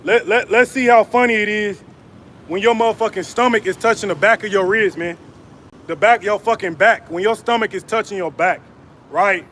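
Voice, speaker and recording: A man preaching on the street during a live stream, profane and mocking, laughing between taunts and reading scripture slower and louder. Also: high-pitched, slight background noise. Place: outdoors on an urban street.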